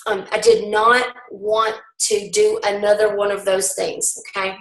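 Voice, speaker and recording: A middle-aged woman, a bit hoarse, telling her story to a sales team in a rambling, folksy way full of ums. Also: medium pitch, flat delivery, unhurried, a bit bright. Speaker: guest speaker on a team call. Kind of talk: personal testimony to a sales team. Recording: roomy, distant conference-call audio.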